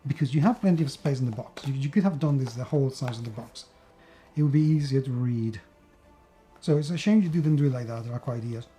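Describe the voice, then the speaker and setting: A man's voice: medium pitch, fast talker, mellow, soft background music. A man from Spain with a Spanish accent, chatting enthusiastically through a board game unboxing with plenty of fillers and restarts. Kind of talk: casual unboxing video.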